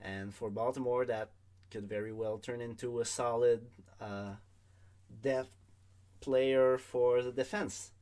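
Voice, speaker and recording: A man with a mid-range voice, announcing picks at a slow, unhurried pace. He pauses often, filling the gaps with ums and restarting his sentences as he hosts a live draft stream. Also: medium pitch, steady tone, darkish tone. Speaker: draft broadcast host. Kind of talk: casual livestream commentary.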